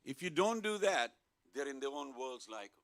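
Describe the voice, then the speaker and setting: A man's voice: medium pitch, sing-song, moderate pace. A man giving an informal, playful temple sermon, leading the congregation in call-and-response chanting. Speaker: temple speaker. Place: temple hall.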